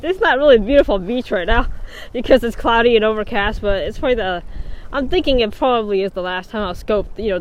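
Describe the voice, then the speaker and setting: On a wintry beach, a streamer talks casually with viewers, answering their comments and laughing a lot. The medium-pitched voice comes through dull, picked up by a mic inside a bundled hood while wind blows in the background.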